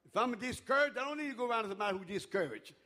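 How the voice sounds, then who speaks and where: An older man preaching a sermon in call-and-response style, dropping to a hush and then rising to a shout. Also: very high-pitched, animated, very fast.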